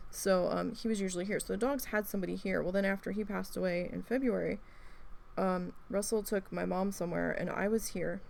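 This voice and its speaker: A woman's voice: mid-range voice, steady tone, fairly quick, creaky, a little mellow. A woman chatting casually at home while needle felting, rambling through stories, swearing freely, and acting out her own reactions. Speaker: crafting video host. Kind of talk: casual chat while crafting.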